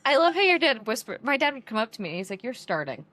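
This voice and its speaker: A woman's voice: high voice, racing, noisy background. A young woman co-hosting a podcast, chatting casually and acting out family quotes as she tells stories. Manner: lively storyteller, acts out quotes. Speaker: podcast co-host. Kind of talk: casual chat.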